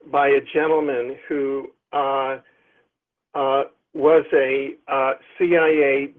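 A middle-aged man, a book's author, talking in an expansive, emphatic way as a guest on a phone-in interview. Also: fairly high pitch. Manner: expansive, emphatic, visionary talk. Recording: tinny phone line.

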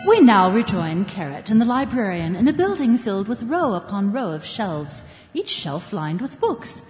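A woman's voice: mid-range voice, sing-song, normal speed, a little mellow, big-room sound, faint music behind. A woman narrating a radio drama with a wry storytelling manner.

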